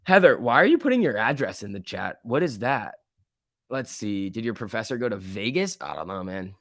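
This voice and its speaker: A man's voice: on the low side, moderate pace, no room sound. Young guy hosting a stock livestream, hyped and laughing a lot, dry close sound. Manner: excitable, laughs often, reads chat aloud. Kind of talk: casual live-stream chat.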